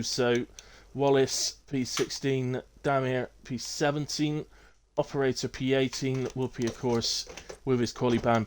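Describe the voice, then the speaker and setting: A Bristolian man in his thirties commentates a sim race live, reeling off lap times and positions in a relaxed, chatty way. His voice sits at an ordinary mid pitch. A faint background noise runs under the recording. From Southwest England. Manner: chatty, banters with chat between calling lap times.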